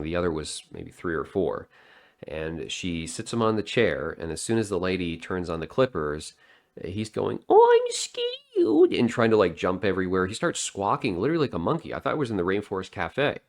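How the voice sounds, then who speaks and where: A man giving a sardonic, digressive casual monologue as a vlogger. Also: low-pitched.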